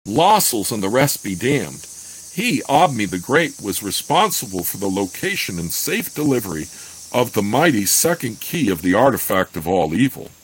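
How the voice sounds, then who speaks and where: Husky low man reading and musing. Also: normal speed, low-quality recording. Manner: hesitant, many fillers and restarts in commentary; plain steady reading of the narration. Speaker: podcast host reading a novel aloud and discussing it. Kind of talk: reading aloud then casual commentary.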